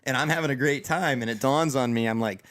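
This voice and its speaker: A man hosting a casual podcast, telling stories with many restarts, his voice going hoarse after a sick weekend. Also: medium pitch, fast talker, a bit bright, dry recording. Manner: rambling storyteller with many restarts. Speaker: podcast host. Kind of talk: casual chat.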